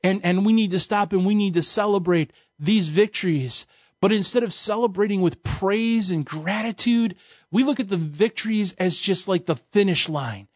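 This man's high-sitting voice moves at a moderate pace through a sermon-style Bible lesson. He preaches emphatically and colloquially, weaving in stories, and the audio is dull and dry.

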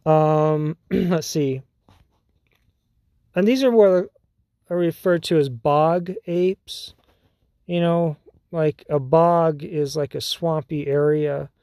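Guy rambling on his podcast, slow and mellow, laughs a lot, dry close sound. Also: on the high side, fairly even intonation, dry recording. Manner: rambling, laughs often, many restarts. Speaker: podcast host. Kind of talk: casual solo podcast monologue.

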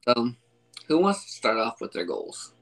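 A man's voice: medium pitch, wildly swooping pitch, normal speed, a bit bright, poor audio. A man hosting a casual podcast, bantering and joking with friends. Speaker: podcast host.

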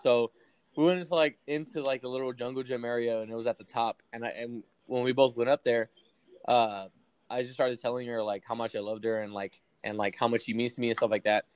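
A man's voice: medium pitch, fairly even intonation, a little fast, smooth, no echo. A young man casually telling a long story to friends, rambling and profane with lots of fillers. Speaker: podcast co-host telling a story.

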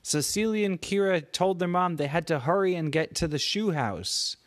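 A man improvising a bedtime story for a child, animated and stopping to ask the child questions. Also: sits high, moderate pace. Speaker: parent telling a bedtime story.

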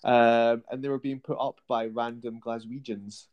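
A man's voice: medium pitch, level tone, normal speed, lo-fi sound. A man hosting a casual chat podcast, rambling and hesitant, with plenty of fillers as he feels his way through points. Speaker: podcast host.

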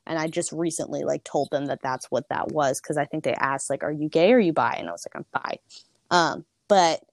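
A young woman tells her own story in a lively, rambling way, full of fillers and voices for the people she quotes. Her voice is fairly low. The recording is dry and close. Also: fairly quick, vocal fry, no room sound. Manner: chatty, frequent "like" fillers. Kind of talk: personal storytelling.

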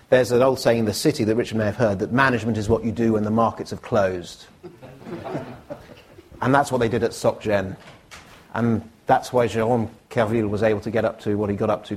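A man chairing a panel discussion, brisk and wry, taking questions from the floor. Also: fairly low pitch, darkish tone. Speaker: panel moderator.

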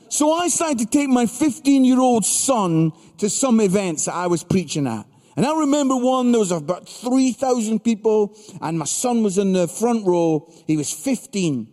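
A middle-aged man preaching a humorous sermon to a live audience, punchy and animated, acting out voices as he tells stories. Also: very high-pitched, normal speed, few pauses. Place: large hall with live audience. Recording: reverberant hall.

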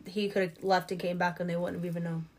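A young woman from Florida co-hosting a true crime podcast, chatting casually with quick, slangy wisecracks. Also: on the low side, flat delivery. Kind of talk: casual chat.

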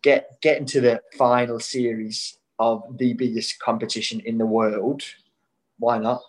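A young footballer from Australia speaks with a blended accent that sounds Scouse-like, carrying Irish and Australian colour. He talks at a middling pitch in a loose, rambling way, with plenty of restarts. He grows spirited when an idea excites him. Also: measured pace, low-quality recording. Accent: Irish-Australian mix, Scouse-like. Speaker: national team footballer, guest. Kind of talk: casual interview chat.

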